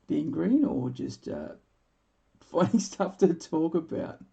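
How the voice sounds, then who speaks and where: A man in his forties hosting a live painting stream, chatting casually and rambling with chuckles, often trailing off into quiet mumbles. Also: fairly high pitch, very animated, slow, gravelly, lo-fi sound. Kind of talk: casual chat while painting.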